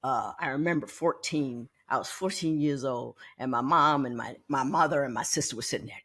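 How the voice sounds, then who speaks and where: A woman in her sixties hosting a podcast, telling a personal story in a candid, animated way and often repeating words as she thinks. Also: rumbling low, a little fast, hardly any pauses. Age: 60s. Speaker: podcast host.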